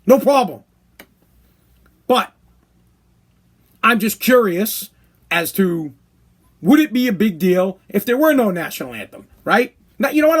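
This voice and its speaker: High-voiced, blunt, swearing podcast host. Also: male voice. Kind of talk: casual opinion podcast monologue.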